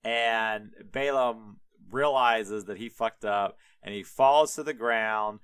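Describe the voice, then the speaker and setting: A man's voice: fairly low pitch, takes it slowly, a bit bright, clean tone, no room sound. A man, a podcast host, retelling a story casually, rambling with lots of fillers and swearing. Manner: rambling, filler-heavy, profane.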